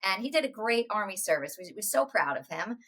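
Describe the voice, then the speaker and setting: A woman in her forties, a podcast guest, telling a personal story in a halting way, full of restarts and quoted dialogue. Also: mid-range voice, sing-song, fairly bright tone, rough recording. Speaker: interview guest.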